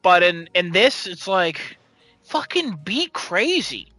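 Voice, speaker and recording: A man co-hosting a podcast in casual chat, animated and profane, laughing often. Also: high voice, takes it slowly, soft background music, poor audio. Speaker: podcast co-host.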